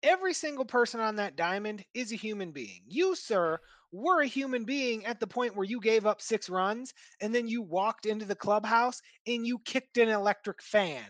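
A woman co-hosting a sports podcast, talking with animated indignation. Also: a little high, moderate pace, hardly any pauses, dry recording. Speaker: podcast co-host. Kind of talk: casual sports chat.

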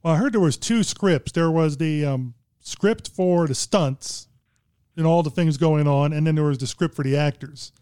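Guy rambling thru a film chat, bit high voice, dry close mic. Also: normal speed, warm tone, clear, resonant tone, no room sound. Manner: rambling, hesitant, many restarts. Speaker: podcast co-host discussing films. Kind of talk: casual chat.

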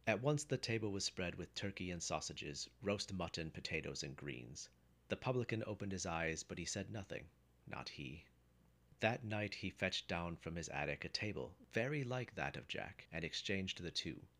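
A man with a very deep voice reads an old folk tale aloud. His delivery is measured and steady, the manner of a practiced storyteller. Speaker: narrator.

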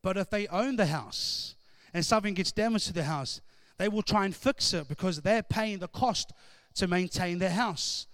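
A man preaching a sermon, moving between conversational storytelling and loud, emphatic call-and-response. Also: sits high, normal speed, hardly any pauses, no room sound, studio quality.

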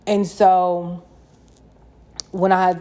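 A woman's voice: fairly low pitch, level tone, drawn-out words, dark tone. A young woman hosting a solo podcast, chatting casually with a candid, slangy and profane manner. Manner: candid, slangy and profane, often says "you know what I mean". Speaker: podcast host.

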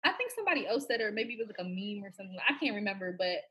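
A woman on a podcast, chatting casually in a brash, profane, animated way. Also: mid-range voice, racing, breathy edge. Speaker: podcast co-host. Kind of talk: casual chat.

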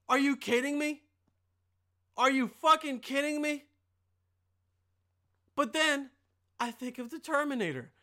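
Young dude ranting on his podcast, high bright voice, swears a ton, rambles all over and yells out bits. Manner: rambling, profane, full of filler; animated, bursts into yelled impressions. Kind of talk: casual comedic rant.

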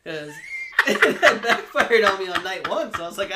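A man's voice: high voice, expressive, normal speed, heavy background noise. A man co-hosting a podcast, chatting loosely and profanely about beer and partying. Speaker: podcast co-host. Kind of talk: casual beer-tasting banter. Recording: echoey room.

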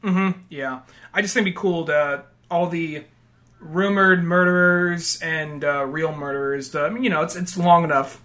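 Casting: a laid-back male podcast co-host, meandering, with a bright, slightly high voice. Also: steady tone, normal speed. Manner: rambling, trailing off. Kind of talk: casual chat.

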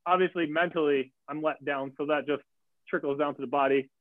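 A man telling a race story in casual chat, acting out quotes with lively jumps in his voice. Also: brisk, no echo. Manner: animated, acts out quotes with big pitch jumps. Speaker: guest athlete. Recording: tinny phone-like line.

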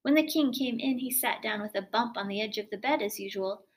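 A woman reading a fairy tale aloud in an expressive, lively storytelling manner. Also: fairly high pitch, a little fast.

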